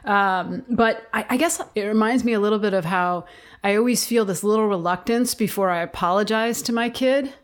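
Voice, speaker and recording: A woman's voice: medium pitch, moderate pace. A middle-aged woman co-hosting a podcast, reflecting on parenting and summing up advice. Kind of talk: podcast co-host conversation.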